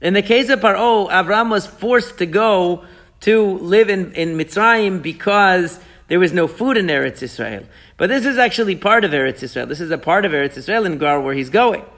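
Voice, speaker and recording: A man leading a Torah class discussion, explaining the text with animated rhetorical questions and quoting Hebrew verses. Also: sits high, normal speed. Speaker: Torah teacher.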